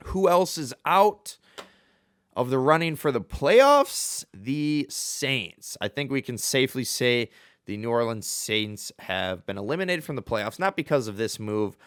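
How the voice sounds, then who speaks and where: A man's voice: fairly low pitch, a bit bright, clean tone, no echo, clean studio sound. Chatty man riffing on football news. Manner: chatty, jokey, self-correcting, with frequent fillers. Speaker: sports podcast host. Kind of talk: casual solo sports commentary.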